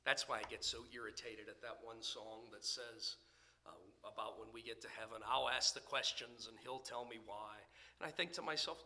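A man preaching a sermon in church as pastor, swinging between loud emphasis and hushed near-whispers. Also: mid-range voice, steady tone, normal speed, slight background noise. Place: church sanctuary.

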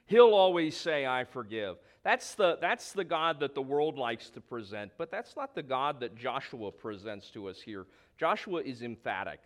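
A man's voice: medium pitch, sing-song, a bit bright. Man preaching an emphatic sermon. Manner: emphatic preaching with drawn-out stresses and asides. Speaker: pastor.

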